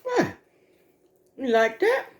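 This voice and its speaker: A woman's voice: high voice, very animated, slow. A woman in a home video, talking to her pet in doting baby talk while it eats. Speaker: pet owner filming her pet.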